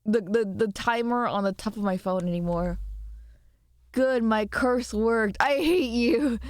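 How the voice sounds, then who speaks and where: A woman's voice: medium pitch, clean tone, dry recording, clean studio sound. A tired woman streamer chatting casually and rambling, laughing as she answers her chat. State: tired from little sleep. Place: home room.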